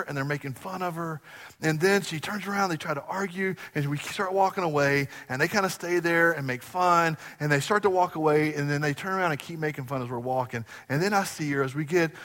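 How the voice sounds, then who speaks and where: A man preaching from the church stage, his voice bright and a touch high for a man. He tells his stories with energy, jumping to loud, excited bursts and then dropping to quiet, earnest asides. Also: long reverb tail. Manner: animated storytelling, swinging between loud bursts and quiet asides. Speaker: pastor. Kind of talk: sermon. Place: church sanctuary.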